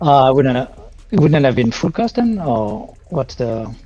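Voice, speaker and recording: A man playing a tabletop game, asking rules questions in a halting, stumbling way. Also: medium pitch, very animated, mellow. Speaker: player. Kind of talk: casual tabletop play. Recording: dull lo-fi sound.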